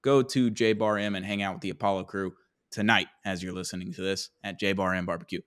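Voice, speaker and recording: A man's voice: sits low, fairly even intonation, fairly bright tone, smooth. A young man hosting a casual sports podcast, upbeat and full of fillers. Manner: upbeat, quick sponsor reads with filler words. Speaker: podcast host.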